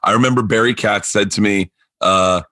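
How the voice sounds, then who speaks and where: A man's voice: on the low side, moderate pace, dry recording. A middle-aged man hosting a podcast, telling stories in a casual chat, swearing a lot and acting out what people said. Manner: animated storyteller, swears a lot, acts out quotes. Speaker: podcast host.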